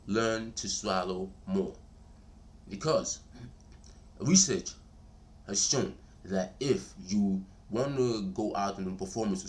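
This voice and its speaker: Man, very low voice, laid-back tutorial host; chatty, repeats himself, keeps asking "all right?". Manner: chatty and repetitive, calls viewers "bro" and "man", checks in with "all right?"; slows down and speaks steadily when demonstrating. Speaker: voice coach vlogger. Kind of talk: casual spoken tutorial.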